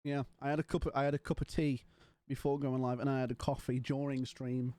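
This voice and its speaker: A man's voice: medium pitch, level tone, brisk, mellow, no echo, clean studio sound. A young British man chatting casually and a bit scatterbrained to his live-stream chat. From Britain.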